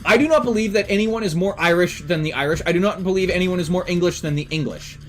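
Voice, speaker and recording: A streamer, chatting casually on a live stream and going off on excited, swear-filled tangents. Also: mid-range voice, fast talker, a little hiss or hum, poor audio. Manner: rambling enthusiastic tangents with swearing.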